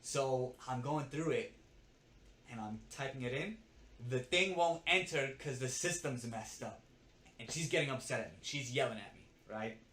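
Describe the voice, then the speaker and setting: A man's voice: medium pitch, normal speed, fairly bright tone. A young man vlogging, casually and animatedly telling a story about a bad job, swearing and often checking in with "right?". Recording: roomy with faint ambience.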